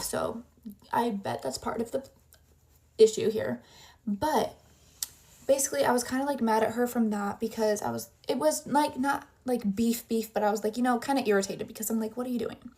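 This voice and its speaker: A woman's voice: on the high side, steady tone, normal speed, a little mellow. A young adult woman casually telling a story while getting ready, rambling and packing her talk with "like" fillers.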